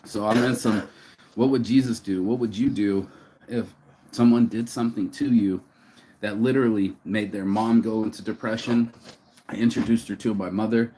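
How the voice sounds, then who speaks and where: Emotional man rambling with halting restarts. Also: fairly low pitch, steady tone, warm tone, a little hiss or hum. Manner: rambling, halting restarts, casual swearing, says "bro". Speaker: vlogger. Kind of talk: emotional monologue vlog. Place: outdoors, sitting on a bench.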